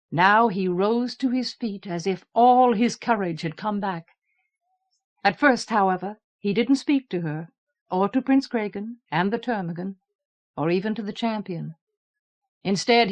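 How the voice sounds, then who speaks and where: Woman narrator for a fantasy audiobook: very slow, measured, steady delivery. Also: medium pitch. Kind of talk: scripted narration.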